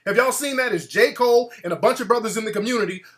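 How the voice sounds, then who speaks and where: A man hosting a talk show, ranting in an animated, mocking way and putting on voices to quote people. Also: extremely high pitch, quick pace, slight background noise. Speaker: show host. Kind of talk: casual talk-show rant.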